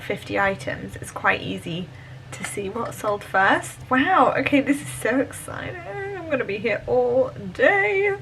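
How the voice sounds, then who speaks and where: A young woman vlogging at home in a chatty, giggly, excitable way. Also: medium pitch, a little hiss or hum, rough recording. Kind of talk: casual vlog chat. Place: at home indoors.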